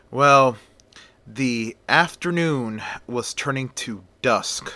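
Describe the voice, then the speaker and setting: A man's voice: mid-range voice, bright, forceful tone, dry recording. A man telling a horror story in a loose, conversational way, narrating the scenes himself. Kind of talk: casual retelling of a horror story.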